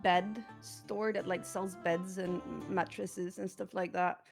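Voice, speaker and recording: A woman's voice: lowish voice, level tone, slow, over music. A woman, a player in a tabletop game, telling a rambling story with many filler words. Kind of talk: casual chat.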